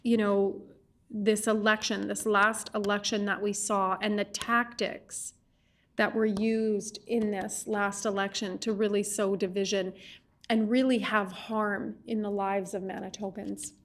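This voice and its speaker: A woman on a legislative committee, questioning a witness in an impassioned, halting way, often repeating words as she speaks. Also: medium pitch, flat delivery, a little hiss or hum.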